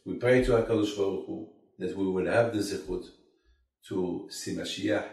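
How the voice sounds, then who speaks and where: A man's voice: sits low, steady tone, normal speed, gravelly, a little mellow. A man giving a Torah sermon, emphatic and full of rhetorical questions. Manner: emphatic, rhetorical questions, addresses listeners as "my friend". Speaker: rabbi. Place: community study hall. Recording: roomy, from far off the mic.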